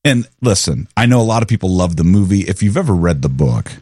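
A man in his forties chats as a podcast co-host in a lowish voice. His talk is wry and rambling, full of restarts. Recorded dry and close. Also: sing-song, quick pace, darkish tone, slightly rough, no echo. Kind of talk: casual chat.

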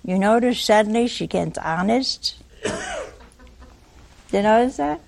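Older lady preaching slow, voice swoops up and down, acts out the people in the story. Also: medium pitch, gravelly, a little hiss or hum. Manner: lively storytelling, acts out voices, asks listeners questions. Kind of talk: sermon.

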